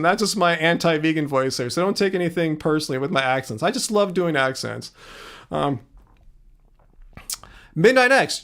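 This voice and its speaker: High voiced guy hosting a live stream, blunt, fed up with trolls. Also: fairly bright tone. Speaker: livestream host. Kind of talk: casual livestream chat.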